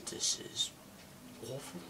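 Whispering and taking it slowly, a young gaming video creator offers casual commentary on the game in front of him. He mutters and grumbles with little enthusiasm. Music sits behind a distant mic.

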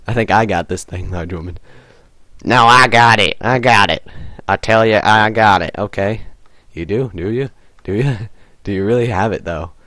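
Man, gaming host, goofy let's-play commentary, talks to the game character, unhurried, dry sound. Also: lowish voice, bright, forceful tone, no room sound.

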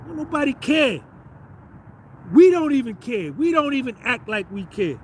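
A man's voice: very high voice, sing-song, normal speed, slight background noise. A man hosting a podcast, delivering a blunt, confrontational, slangy rant. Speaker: podcast host. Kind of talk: ranting monologue.

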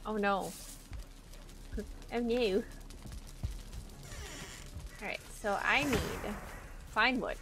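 A woman's voice: mid-range voice, drawn-out words, long pauses, fairly bright tone, a little hiss or hum. A woman live-streaming a game, thinking aloud in a chatty, playful, teasing way. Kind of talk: live-stream gameplay chat.

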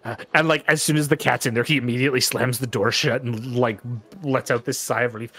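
A man's voice: medium pitch, fairly even intonation, fast talker, a bit bright. A man narrating a tabletop game as game master, with loose, filler-heavy description and playful detail.

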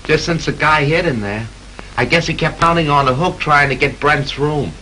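A man's voice: a little high, normal speed, pushed and bright, slight background noise, low-quality recording. An actor playing a chatty, slangy male hotel bellhop recounting a fight in a 1930s film. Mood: gossipy. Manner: slangy, gossipy storytelling. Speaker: night bellhop.

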